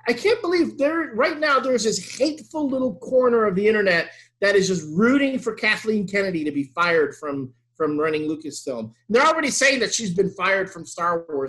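A man co-hosting a casual podcast chat, talking in an animated, exasperated, ranting way. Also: high-pitched, a little fast, hardly any pauses. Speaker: podcast co-host.

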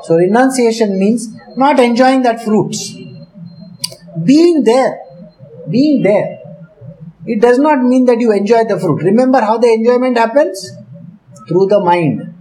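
A man's voice: extremely high pitch, lively intonation, a little slow, pauses often, warm tone, low-quality recording. A man gives a spiritual discourse, talking to his listeners in a chatty way and often asking them questions. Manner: conversational, often asks the listeners questions, laughs while teaching. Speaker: spiritual teacher.

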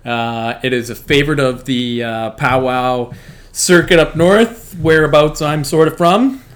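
Canadian male guest co-host, medium pitch, rambling and jokey delivery. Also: a little slow. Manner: playful, rambling, laughs often. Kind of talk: casual chat.

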